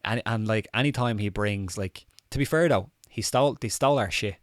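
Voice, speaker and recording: A man's voice: fairly low pitch, a little fast, no room sound, studio quality. A man with a slight cold co-hosting a casual live chat, loose and sweary, laughing often. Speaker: podcast co-host.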